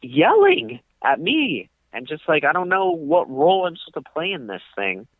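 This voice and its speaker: A man's voice: on the high side, wildly swooping pitch, moderate pace, dry recording. A young man co-hosting a podcast, telling a long story in casual chat with many fillers, over a tinny phone line. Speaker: podcast co-host.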